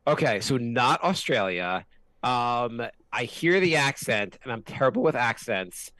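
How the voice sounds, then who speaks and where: A man's voice: medium pitch, animated, a little slow, bright, forceful tone, no room sound. A man co-hosting a casual comedy podcast, rambling and hesitant with lots of ums. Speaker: co-host.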